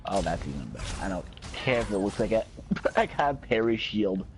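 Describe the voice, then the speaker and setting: Male gaming streamer, lively goofy storyteller, loose casual chat. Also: on the low side, fairly quick, slight background noise, low-quality recording.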